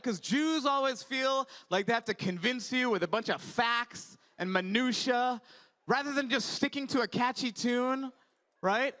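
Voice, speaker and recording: A man doing animated stand-up comedy on a conference stage, telling stories with voiced asides. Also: very high voice. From Iran. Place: conference stage before a live audience.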